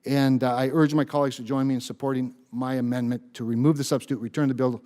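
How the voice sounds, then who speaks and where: A man's voice: mid-range voice, flat delivery, quick pace, dark tone. A man speaking as a senator at a committee meeting, delivering floor remarks with emphatic stress on key words.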